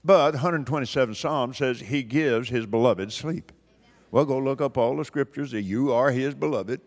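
A man's voice: mid-range voice, moderate pace. An older man preaching a sermon in a folksy, emphatic way, repeating phrases for stress. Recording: long hall reverb.

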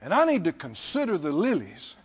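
A man's voice: fairly high pitch, huge pitch swings, fairly quick, husky, muffled recording. A man preaching a sermon, repeating phrases and putting questions to his listeners.

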